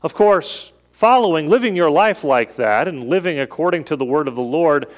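High-voiced, lively preaching man. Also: normal speed. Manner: conversational preaching with rhetorical questions. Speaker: pastor. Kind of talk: sermon.

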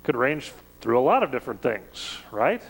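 A man preaching a sermon in a measured, conversational way, with emphatic rises on key words. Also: mid-range voice, very animated, slightly rough, big-room sound, rough recording.

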